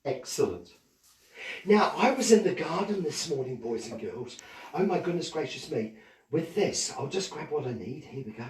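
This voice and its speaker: A man's voice: fairly high pitch, sing-song, normal speed, darkish tone, echoey room, far from the mic. A man, a children's entertainer, telling a playful story to kids and asking them questions.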